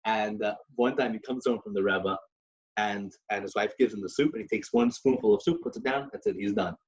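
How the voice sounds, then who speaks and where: A man co-hosting a podcast, chatting casually and telling stories in an animated way, with Yiddish phrases mixed in. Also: fairly low pitch, a little fast. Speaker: podcast co-host. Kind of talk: casual chat and storytelling. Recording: slightly muffled audio.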